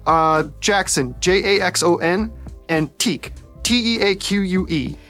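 A woman's voice: lowish voice, a little slow, fairly bright tone, voice pushed down. A woman voicing a nervous, apologetic young man who stammers, over faint music.

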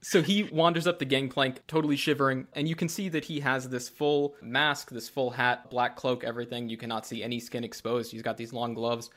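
A man narrating a tabletop role-playing game as game master, lively and playful. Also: medium pitch, brisk, few pauses. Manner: lively, acts out scenes with laughs.

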